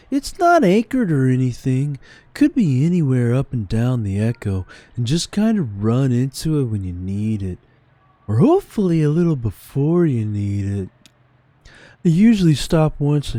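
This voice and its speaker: Guy reading lines as a laid-back ferry captain, slow, mellow, dry sound. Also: medium pitch, dry recording, pitched above the performer's own voice. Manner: slow, unhurried reading of dialogue. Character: easygoing male ferry captain chatting with passengers. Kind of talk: reading game dialogue aloud.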